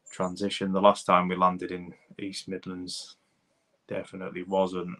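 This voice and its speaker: Brief: Doncaster-accented male streamer, thirties, rambling and matey, slightly low voice with a bright edge. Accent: Doncaster, South Yorkshire. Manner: rambling, chatty, addresses viewers as buddy and mate. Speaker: livestream host, car mechanic. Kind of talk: casual livestream chat reading comments.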